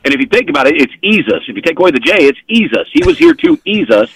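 A man as a podcast guest, telling an animated story in an excitable way and constantly checking in with the listener. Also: a little high, rapid-fire, creaky, husky, no room sound, low-quality recording. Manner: excitable, keeps checking in with "okay?".

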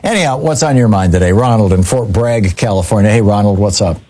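A man's voice: lowish voice, a little fast, warm tone, a little hiss or hum. A middle-aged man hosting a call-in radio talk show, chatting casually and telling long stories full of fillers and restarts. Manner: rambling, with many fillers and self-corrections.

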